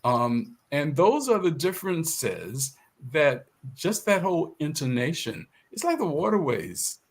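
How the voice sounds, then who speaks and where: An older man from the South Carolina Sea Islands reflects aloud as an interview guest. His delivery is unhurried and measured, with small restarts. His voice moves through a wide, lively melodic range. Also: on the high side, husky. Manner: measured, thoughtful, with hesitant restarts. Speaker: guest author.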